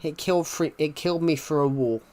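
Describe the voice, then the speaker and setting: A man's voice: a little high, a little fast, darkish tone. A man, chatting casually on a live stream and rambling through restarts and repeated phrases. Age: 20s.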